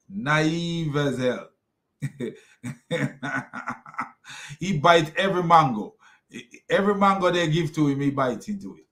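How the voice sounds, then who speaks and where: A man's voice: a little high, fairly bright tone. A man with a foreign accent giving scornful reaction commentary on videos, laughing often as he mocks. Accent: non-native English.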